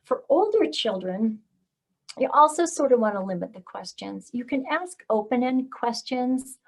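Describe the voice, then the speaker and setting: A woman's voice: a little high, measured pace. A middle-aged woman speech-language pathologist giving a parenting talk with slides, acting out sing-song examples of talking to a toddler. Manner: animated when acting out parent-child examples.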